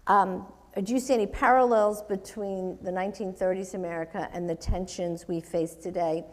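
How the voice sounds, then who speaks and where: A woman's voice: mid-range voice, steady tone, moderate pace, darkish tone. A woman rabbi interviewing an author in front of an audience, asking thoughtful questions with hesitant ums. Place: synagogue hall before an audience. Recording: long reverb of a hall.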